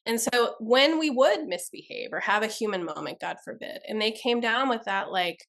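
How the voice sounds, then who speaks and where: A woman's voice: on the high side, lively intonation, moderate pace, few pauses, fairly bright tone. Blunt, emphatic woman therapist. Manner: emphatic, blunt, talks through examples. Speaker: trauma therapist guest. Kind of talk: podcast interview.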